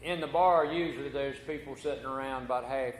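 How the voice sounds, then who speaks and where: In an echoey church sanctuary, a pastor preaches a folksy sermon, opening with a corny joke before moving into scripture. His voice sits at medium pitch and runs a little fast, with a faint hiss or hum on the recording.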